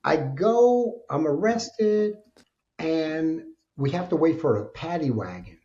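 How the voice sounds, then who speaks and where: A man speaking as a podcast guest, telling his life story in an animated, emphatic way. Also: a little high, slow pace, muffled recording, a little hiss or hum. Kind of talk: candid storytelling interview.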